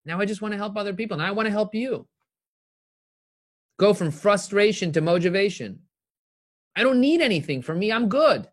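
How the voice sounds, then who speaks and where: Middle-aged male motivational speaker on a live video call, high-set voice, repeats himself for emphasis. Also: expressive, normal speed, pauses often, no room sound, studio quality. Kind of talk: live-streamed motivational talk answering viewer questions.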